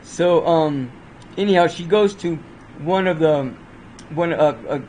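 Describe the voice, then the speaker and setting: A man with a fairly high, darkish voice talks through movie reviews casually at a measured pace. He rambles, stumbles over words, restarts sentences and uses plenty of fillers. The audio is poor, with faint ambient noise behind him.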